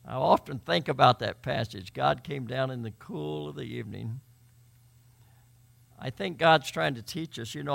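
A man preaching a sermon as pastor, building to emphatic, forceful peaks. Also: medium pitch, moderate pace, gravelly.

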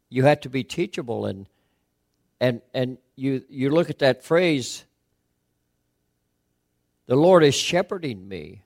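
Earnest middle-aged preacher, dry sound. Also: male voice, medium pitch, darkish tone, dry recording. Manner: earnest questioning preaching, rising to emphatic peaks. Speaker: pastor. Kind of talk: sermon.

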